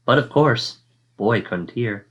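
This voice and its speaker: A man, a fourth-grade teacher, reads a children's picture book aloud. His storytelling is slow and deliberate. His pitch rises and falls lively through each line. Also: breathy edge. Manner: expressive storytelling, acting out sound effects.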